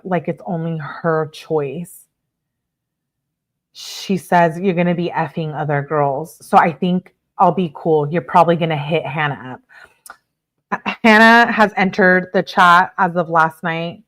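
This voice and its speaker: A woman with a low voice reads a string of text messages aloud for her channel and stops to comment on them. She speaks emphatically and swaps swear words for softened stand-ins. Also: a little slow. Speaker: true crime commentator.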